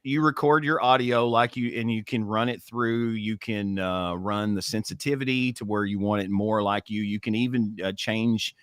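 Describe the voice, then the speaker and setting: A man's voice: lowish voice, steady tone, moderate pace, few pauses, a bit bright, smooth, dry recording, clean studio sound. A man co-hosting a casual podcast, explaining at length with many fillers and restarts. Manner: rambling, explanatory, lots of fillers. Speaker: podcast co-host and radio worker.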